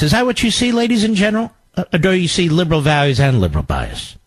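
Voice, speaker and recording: A man's voice: sits high, sing-song, fast, no room sound, low-quality recording. A middle-aged man hosting a talk radio show, delivering a combative, sarcastic political commentary monologue.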